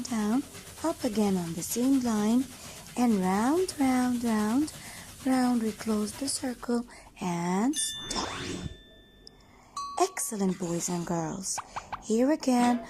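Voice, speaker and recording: A woman's voice: a little high, noisy background. A woman teaching young children a phonics lesson in a sing-song, coaxing way, with an Egyptian English accent.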